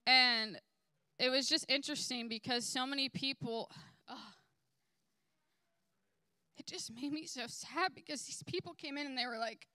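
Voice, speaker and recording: Bright-voiced woman telling a testimony. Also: high-pitched, moderate pace, long pauses, no room sound. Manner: animated, quotes dialogue with "I was like". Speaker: testimony speaker. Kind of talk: personal testimony storytelling.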